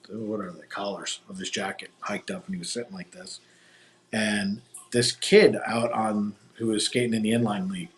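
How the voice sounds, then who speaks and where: A man co-hosting a live stream, telling long rambling stories with many fillers, recorded outdoors on a phone. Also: fairly low pitch. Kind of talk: casual chat. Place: outdoors at a theme park. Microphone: phone on a gimbal.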